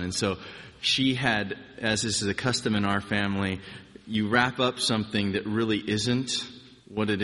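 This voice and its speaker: A man giving an informal sermon, telling personal stories in a relaxed, conversational way with frequent restarts. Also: fairly low pitch, big-room sound. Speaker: preacher.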